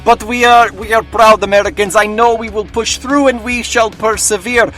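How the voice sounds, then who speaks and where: A man's voice: high-pitched, fairly even intonation, normal speed, fairly bright tone, faint music behind, voice pushed up. A man voicing a Soviet agent who fakes being an American radio host, speaking in hammy broken English with overeager patriotic cheer. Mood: mock-patriotic.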